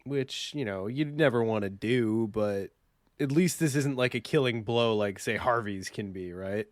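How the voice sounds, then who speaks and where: A man's voice: on the low side, no room sound, studio quality. Self-deprecating man, casual co-host. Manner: rambling, self-deprecating, quick asides. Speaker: podcast co-host. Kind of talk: casual chat about a card game.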